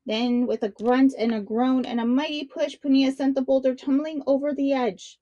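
A woman reading a children's picture book aloud with expressive, dramatic narration. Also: high-pitched, moderate pace, no room sound, dull audio. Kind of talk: read-aloud storytelling for children.

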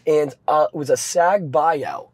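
A man's voice: on the high side, unhurried, slightly rough, no echo. A young man, an actor guest, telling stories in a brash, profane, casual way. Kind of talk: casual chat.

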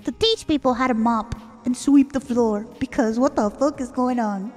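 A young adult woman streaming reactions to videos, talking loudly with lots of exclamations, swearing and laughter. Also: on the high side, moderate pace, faint music behind. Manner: loud, exclamatory, profane, laughing.

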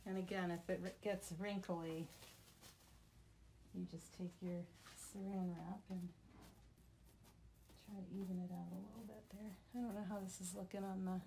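A woman's voice: medium pitch, level tone, normal speed, gravelly, long pauses, warm tone, a little hiss or hum. A woman from Vermont talking casually while demonstrating a craft project, chatty and self-deprecating, joking with someone off camera. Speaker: craft tutorial host.

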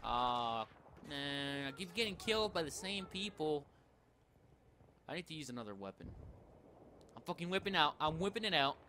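Ranting young man yelling at a shooter game. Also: a little high, sing-song, moderate pace, long pauses, slight background noise. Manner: foul-mouthed, ranting, yelling in frustration. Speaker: gameplay commentator. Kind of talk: live gaming commentary. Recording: faint game gunfire behind.

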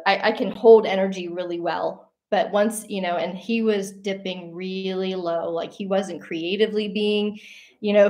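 A woman hosting a talk show, speaking in an earnest, rambling, unscripted way with many fillers and restarts. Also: medium pitch. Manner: animated when telling a story, breaking into laughs. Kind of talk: casual unscripted monologue.

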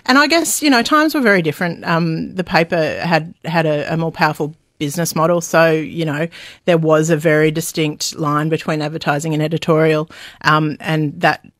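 A woman's voice: low-pitched, normal speed, fairly bright tone, no echo, studio quality. A middle-aged Australian woman, a journalist guest in a radio interview, speaking thoughtfully with many ums and restarts. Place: radio studio.

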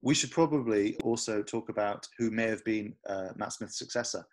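A man co-hosting a podcast, chatting casually and quickly with lots of fillers and hedges. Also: lowish voice. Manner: fast, chatty, hedging with fillers. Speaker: podcast co-host. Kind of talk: casual chat.

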